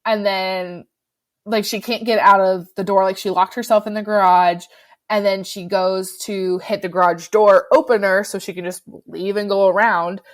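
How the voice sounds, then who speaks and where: A woman's voice: mid-range voice, steady tone, moderate pace. A woman co-hosting a podcast, eagerly retelling a horror film scene in casual chat. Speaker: podcast co-host.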